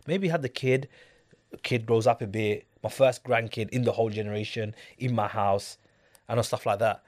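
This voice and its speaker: Speaking at a moderate pace in a fairly low voice, this man argues emphatically in a casual discussion. Again and again he asks whether his listener gets it.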